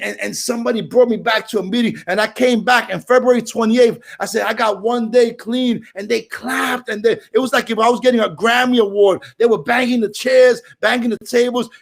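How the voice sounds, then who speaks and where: A middle-aged man from Brooklyn with a New York accent, sharing at a recovery meeting in a casual, animated way that bursts into shouts. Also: very high-pitched, vocal fry.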